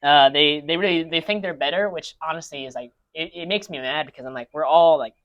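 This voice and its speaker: In slightly dull audio, a podcast co-host with a somewhat high voice speaks briskly, ranting casually among friends. He rambles, restarting sentences often and using lots of fillers.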